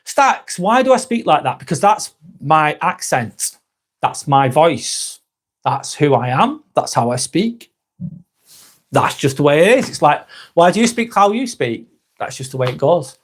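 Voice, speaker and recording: Male live vlogger, slightly high voice, casual and friendly, firm with trolls. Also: sing-song, a little slow. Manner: chatty, calls viewers mate, firm with trolls. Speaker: live stream host. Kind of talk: casual live chat reading comments.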